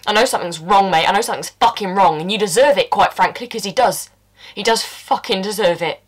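A husky, low-voiced woman, played by an actress, tells her story bluntly, with swearing. She drops into hushed whispers as she confesses to a killing. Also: normal speed. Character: tough working-class London woman confessing a killing. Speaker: actor performing a monologue. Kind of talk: stage monologue.

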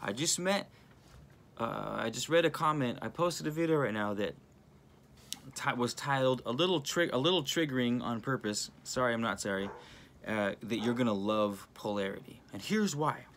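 A man hosting his own channel, talking casually about spirituality into his phone, animated and rambling with lots of restarts and asides. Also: mid-range voice, normal speed, slight background noise. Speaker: channel host.

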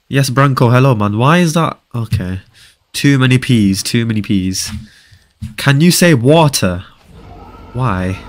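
A young man, chatting casually on a live game stream and bantering with viewers. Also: medium pitch. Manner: casual, bantering, reads viewer chat aloud.

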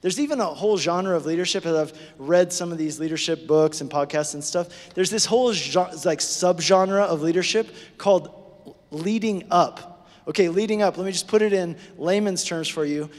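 A man preaching a sermon to his congregation, conversational and animated, often checking in with them. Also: high-pitched, moderate pace. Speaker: pastor. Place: church sanctuary. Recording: preached in a hall with long reverb.

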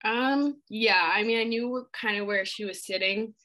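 A young woman athlete answering interview questions in a casual, relaxed way, with lots of "like" and "I mean," shivering a little after an ice bath. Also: fairly high pitch, a little slow, low-quality recording. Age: young adult. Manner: relaxed, filler-heavy speech, many "like"s.

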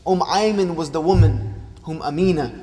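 An impassioned male preacher giving a sermon, his voice rising and falling as he repeats lines for emphasis. His voice sits a little high for a man. A long hall reverb trails behind every phrase. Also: moderate pace, noisy background. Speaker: Islamic preacher. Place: large hall or mosque.

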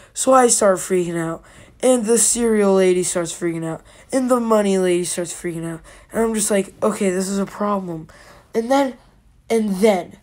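An excitable woman spins a rambling comic story time at a middle pitch. She trips over repeated words, swings from loud bursts to hushed whispers, and makes siren noises along the way. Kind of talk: comedic improvised story time.

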